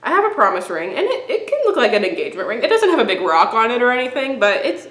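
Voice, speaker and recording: A woman's voice: fairly high pitch, sing-song, fast talker, fairly bright tone. A young woman and beauty vlogger, chatting casually and rambling through stories while doing her makeup, often laughing. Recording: roomy echo.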